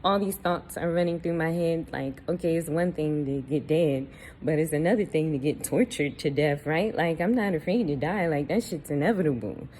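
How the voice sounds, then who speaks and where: Woman with a mellow low voice, telling her own story straight to camera, blunt, cusses a lot, faint hiss behind. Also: moderate pace, rough recording. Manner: candid, blunt, swears freely, laughs between lines. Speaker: vlogger.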